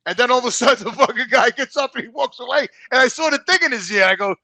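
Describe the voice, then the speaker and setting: High, rapid, agitated man on a headset. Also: dry recording. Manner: excitable, agitated, swears a lot. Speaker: show regular. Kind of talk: casual panel chat.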